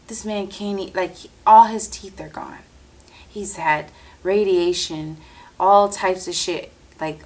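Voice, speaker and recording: A woman podcast host tells a story in a casual, animated monologue close to the mic, acting out quotes and swearing freely. Her voice is on the low side.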